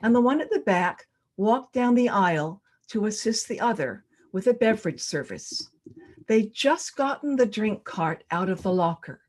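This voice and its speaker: An older woman telling a personal story live at a storytelling event, pausing for drama and dropping to a hush at tense moments. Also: medium pitch, animated.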